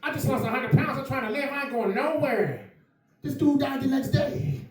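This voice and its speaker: A man's voice: very high voice, normal speed, recorded from a distance. A man doing stand-up comedy at a private party, chatting and laughing with the crowd as he goes. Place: private mansion home. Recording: echoey room, mic from afar.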